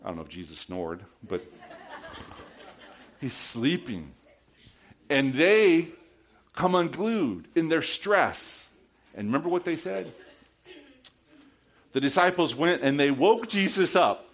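A male pastor preaching a sermon in a church, asking the congregation questions and swinging from quiet prayerful passages to loud shouts. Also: mid-range voice. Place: church sanctuary.

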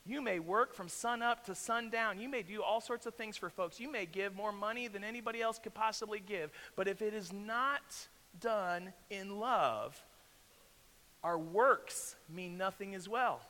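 A man preaching a sermon as pastor, talking in a conversational way, slowing down for emphasis and asking the congregation questions. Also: sits high, bright, forceful tone. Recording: echo from a large hall.

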